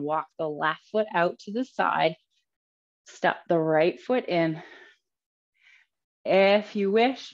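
A woman yoga teacher cueing poses step by step in a live class, a little out of breath and laughing at her own slips. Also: fairly low pitch. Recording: slightly dull lo-fi audio.

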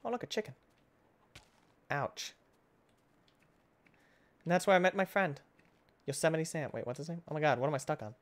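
A man hosting his gaming channel, giving casual let's-play commentary, excitable and swinging between loud outbursts and hushed muttering. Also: fairly high pitch, normal speed, pauses often.

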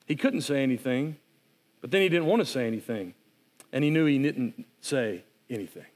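A man's voice: medium pitch, expressive, normal speed, a little mellow. Earnest preaching man. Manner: earnest, conversational storytelling. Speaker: pastor. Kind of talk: sermon.

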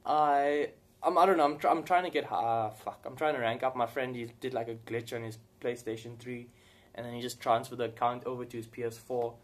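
A man talks straight to camera, answering viewer questions in a loose, rambling way. His voice sits at an ordinary middle pitch, and he swears freely and laughs between thoughts. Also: fairly even intonation, brisk. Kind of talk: casual Q&A chat to camera.

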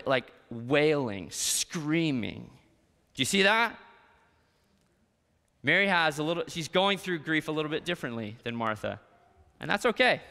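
A man preaching a sermon as a pastor, moving between quiet, tender lines and emphatic ones. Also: a little high, in a large hall. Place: church sanctuary.

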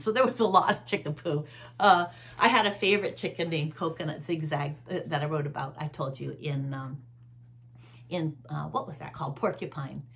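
Animated woman telling a story. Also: lowish voice, vocal fry, slightly rough. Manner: animated, acts out sounds and gestures while telling the story. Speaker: host. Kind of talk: casual storytelling.

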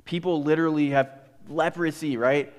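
A man preaching a sermon as pastor, in a casual, animated way, often saying "like" and "right?". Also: fairly high pitch, moderate pace. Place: church.

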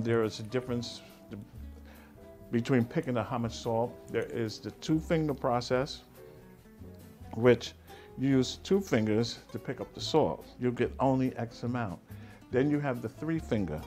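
A man's voice: mid-range voice, darkish tone. A middle-aged man hosting a cooking show, talking casually and playfully, humming and chuckling as he cooks. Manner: chatty and playful, hums and chuckles while cooking.

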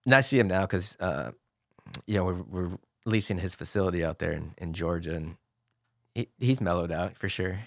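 A man in his forties tells stories at an easy pace, with a low, unhurried voice. He drifts through sentences with "you know" and casual swearing. The sound is close and dry, with no room around it. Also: lively intonation, vocal fry, no room sound. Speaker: podcast guest, former racer. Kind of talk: casual storytelling chat.

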